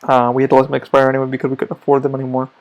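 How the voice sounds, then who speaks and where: A man's voice: medium pitch, monotone, racing. A man hosting his own podcast, talking as a theme park worker in a rambling, profane, casual monologue that restarts often. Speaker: podcast host.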